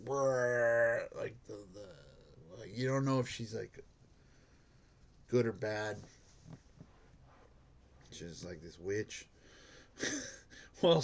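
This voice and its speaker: A man's voice: medium pitch, gravelly. A man who works as a bank security guard, telling a rambling story in a casual monologue, filled with "like" and laughing at himself.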